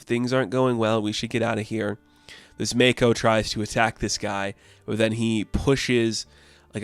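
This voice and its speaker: Chatty low-voiced man reviewing comics. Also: no echo. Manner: chatty and upbeat, laughs often, small restarts.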